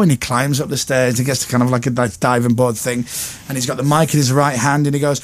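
A man's voice: mid-range voice, level tone, fast, hardly any pauses. A man with a Leeds accent hosting a radio show, telling stories and mimicking crowds and presenters. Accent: Northern English, Leeds. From Leeds, England. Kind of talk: casual radio chat.

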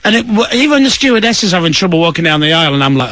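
A man's voice: sits high, racing, no room sound. A man, a radio presenter, telling a comic story and acting out the other voices. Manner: animated, acts out voices of others.

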